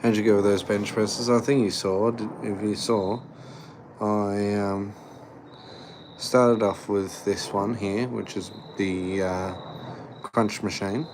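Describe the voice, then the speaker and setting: A man's voice: fairly low pitch, steady tone, slow pace, background noise. A tired young man, chatting casually on a live stream, rambling with lots of fillers as he reads and answers chat. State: tired after the gym.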